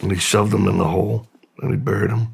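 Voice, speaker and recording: A middle-aged man speaks as an interview guest, slow and halting, often pausing and restarting. His voice sits very low and is deeply gravelly. It is husky throughout. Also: steady tone. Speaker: podcast guest. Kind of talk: personal testimony in a long-form interview.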